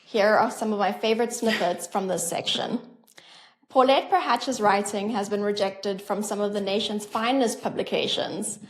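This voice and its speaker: A woman's voice: medium pitch, normal speed. A woman podcast host reading a scripted introduction, then asking thoughtful interview questions.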